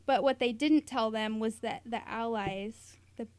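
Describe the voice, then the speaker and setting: A woman's voice: on the high side, measured pace, darkish tone, clean tone. A woman from the United States, chatting casually as a podcast co-host, with lots of fillers, asides and little laughs. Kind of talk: casual chat.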